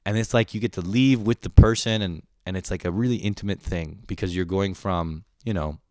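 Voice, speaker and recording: Speaking a little fast in a lowish voice, a young podcast host rants comedically, swearing freely and turning the jokes on himself with irritable energy. He jumps into loud outbursts and then slides into low mutters, and the sound is dry and close with no room around it.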